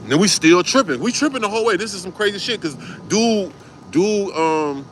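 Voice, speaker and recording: Animated, profane man telling a story. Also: high voice, fairly quick, slight background noise. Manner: acts out other people's voices in quotes. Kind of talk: casual storytime vlog.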